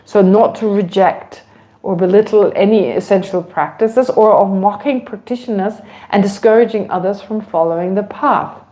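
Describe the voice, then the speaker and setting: Warm conversational woman Buddhist teacher. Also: mid-range voice, moderate pace. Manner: conversational, many asides and restarts, laughs lightly. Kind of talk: relaxed online dharma class.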